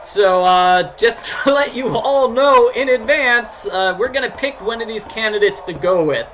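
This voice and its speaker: A man's voice: sits high, lively intonation, measured pace, fairly bright tone, a little hiss or hum, poor audio. A man giving casual, rambling let's-play commentary as a streamer and game writer. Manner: rambling, many fillers and restarts.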